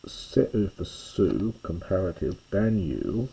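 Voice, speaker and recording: A man teaching a slow line-by-line reading of ancient Greek, stopping with fillers and stressing each translation. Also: low voice, expressive, warm tone, slightly rough, poor audio. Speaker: classics teacher reading Homer.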